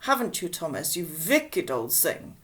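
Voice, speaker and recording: A woman's voice: fairly low pitch, big pitch swings, unhurried, fairly bright tone. Female narrator as fussy German-accented neighbour lady, chatty and doting, storybook voice. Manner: chatty, doting, mildly scolding. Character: fussy older woman neighbour with a cat.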